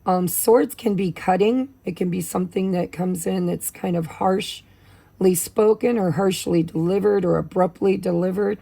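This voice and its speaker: A woman with a gravelly voice, losing her voice from allergies, doing a chatty, casual tarot reading. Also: on the low side, unhurried, warm tone. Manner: chatty, with many fillers. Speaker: tarot reader.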